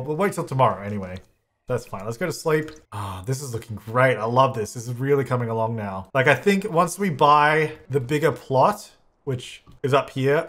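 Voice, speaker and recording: A man hosting a gaming video, giving upbeat, chatty gameplay commentary and thinking out loud. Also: medium pitch. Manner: chatty, upbeat, thinks aloud, laughs often.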